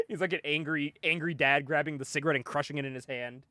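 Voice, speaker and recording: A young man with a high, very lively voice retells a comic book story for a podcast. He acts out the characters' lines as he goes. His tone is bright, and the recording is dry and close. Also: moderate pace, no room sound. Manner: animated retelling, acting out characters' lines with laughs. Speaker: podcast co-host. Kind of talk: casual comic book recap.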